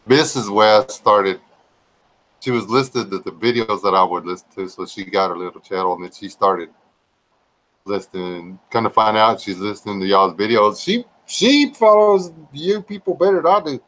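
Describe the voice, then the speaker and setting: A man's voice: fairly low pitch, expressive, moderate pace, a bit bright, low-quality recording. A man rambling through casual, folksy livestream chat. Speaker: livestream regular.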